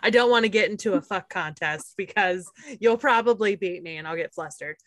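A woman's voice: mid-range voice, brisk, a bit bright, no echo. A woman hosting a podcast interview, enthusiastic and swearing casually. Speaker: podcast host.

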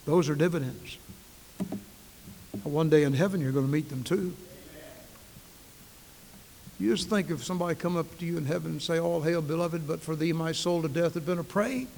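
A man preaching a sermon as pastor, emphatic, swinging between hushed and loud passages. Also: on the high side, normal speed, gravelly, pauses often, long reverb tail, slight background noise.

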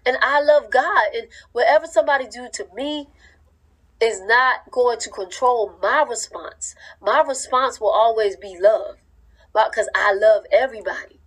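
Woman preaching hard, kinda high voice, repeats herself, very emphatic. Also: unhurried, slightly rough, rough recording. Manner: fervent, emphatic, repetitive preaching cadence; informal speech with dropped verb endings. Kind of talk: sermon-style teaching.

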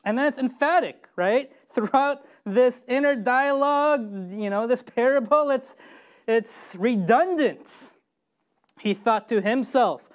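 A woman's voice: on the high side, slow pace. A woman preaching a sermon, emphatic and often putting questions to her listeners. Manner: emphatic, asks the congregation questions.

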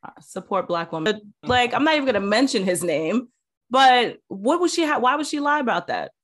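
A woman co-hosting a podcast, trading quick, mocking banter in casual chat. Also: on the high side, animated. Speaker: podcast co-host.

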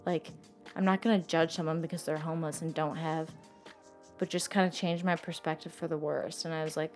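Young woman, low voice, says "like" nonstop, rambling story, faint music behind. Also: level tone, fairly quick. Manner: says "like" constantly, rambling and emotional. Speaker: interviewee telling her story. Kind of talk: casual storytelling.

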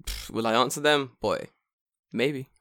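A man's voice: medium pitch, unhurried, no room sound. Podcast co-host, young man, casual and swearing, dry studio voice. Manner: profane, animated storytelling with acted quotes. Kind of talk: casual storytelling chat.

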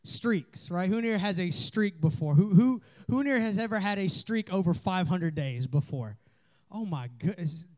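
Passionate high-voiced youth pastor. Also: male voice, lively intonation, normal speed. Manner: passionate, rising to near-shouts with call-and-response. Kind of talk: lively youth sermon. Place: meeting room in a trailer.

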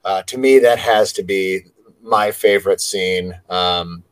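A man's voice: deep voice, takes it slowly, clear, resonant tone, poor audio. A man co-hosting a casual film podcast, speaking earnestly and often restarting his sentences. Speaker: podcast co-host. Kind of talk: casual movie discussion.

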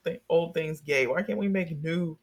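A young adult in a casual chat, telling a story with lively energy and plenty of swearing. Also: mid-range voice, moderate pace. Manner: animated storyteller, swears freely.

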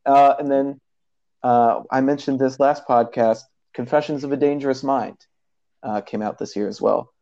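Young man, mellow voice, chatty. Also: medium pitch, measured pace. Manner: rambling, laughs often. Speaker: podcast co-host. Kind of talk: casual chat. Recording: dull lo-fi audio.

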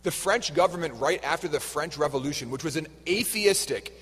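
A man preaching a homily with a fairly high voice, talking casually and tossing questions at the congregation. His words ring out in a large, echoing church hall. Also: a little fast, a bit bright, slightly rough. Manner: conversational, quizzes the congregation. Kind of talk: sermon.

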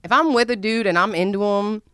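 A woman's voice: medium pitch, a little fast, a bit bright, clear, resonant tone, no room sound, studio quality. A young adult woman telling a frank, profane story to her listeners, laughing often as she talks. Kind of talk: candid storytime monologue.

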